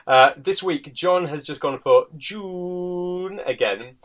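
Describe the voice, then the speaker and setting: A man's voice: high-pitched, slow. A man hosting a podcast over a video call and running a quiz, joking at his own expense and laughing often. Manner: jokey, self-deprecating, laughs often. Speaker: podcast host and quizmaster. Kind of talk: casual podcast chat.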